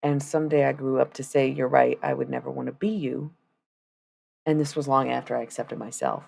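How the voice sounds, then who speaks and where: A woman's voice: a bass voice, fairly even intonation, brisk, creaky, darkish tone. A woman chatting casually on a live stream as she paints, rambling and swearing freely in asides to her viewers.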